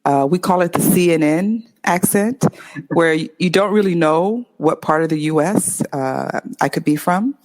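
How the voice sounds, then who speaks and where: A woman with a Californian accent answers interview questions about her work as an English tutor. Her voice sits slightly low for a woman, and she speaks in an expressive, upbeat way. She enunciates each word cleanly. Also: normal speed. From Los Angeles, USA.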